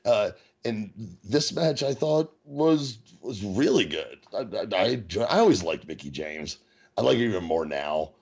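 Low-voiced man in rambling podcast chat. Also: big pitch swings, creaky, a little mellow, husky. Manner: rambling, halting restarts, laughs at own jokes. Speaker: podcast co-host. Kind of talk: casual wrestling chat. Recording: dull lo-fi recording.

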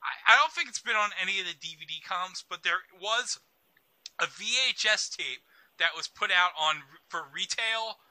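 A man's voice: high voice, animated, moderate pace, bright, forceful tone, no echo, rough recording. A man co-hosting a casual wrestling talk show, eager and rambling. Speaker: wrestling podcast co-host. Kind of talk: casual chat.

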